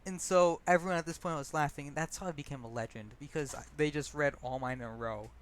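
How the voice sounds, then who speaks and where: A man's voice: fairly high pitch, steady tone, fast. A young man casually telling stories and reading his own poetry, rambling and self-deprecating, with many fillers and restarts.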